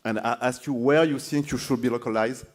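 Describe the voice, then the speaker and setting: A man with a French accent, speaking English as a second language, moderating a conference panel in a halting way, often repeating words as he searches for phrasing. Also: mid-range voice, fairly even intonation. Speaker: panel moderator, corporate foresight lead. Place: conference stage.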